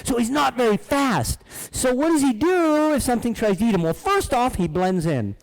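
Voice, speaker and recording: A man's voice: extremely high pitch, moderate pace, gravelly, low-quality recording. A man presenting live animals to children in a playful, joking way, laughing often. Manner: jokey, animated, talks to kids, laughs often. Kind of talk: playful kids' show presentation.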